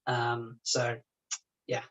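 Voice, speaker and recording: Chef-streamer, casual and giggly, mid-pitch voice, cooking and chatting at once, mic a fair way off. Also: completely flat delivery, drawn-out words, a bit bright, lo-fi sound. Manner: chatty, laughs often, busy cooking while talking. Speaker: chef and charity livestream host. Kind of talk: casual livestream chat. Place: home kitchen with the oven on. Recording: voice picked up from a distance.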